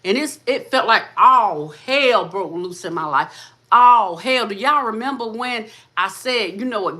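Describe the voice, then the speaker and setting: A woman's voice: mid-range voice, pushed and bright. A woman hosting a faith-based motivational talk, speaking fervently, repeating her lines and calling listeners "sis" and "baby". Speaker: host of a motivational channel.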